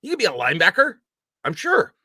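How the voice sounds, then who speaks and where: Guy on a sports podcast, jumpy lively voice, dry close mic. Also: sits high, fast, breathy edge, no echo. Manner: animated, jokey, rambling. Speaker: podcast co-host. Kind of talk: casual sports chat.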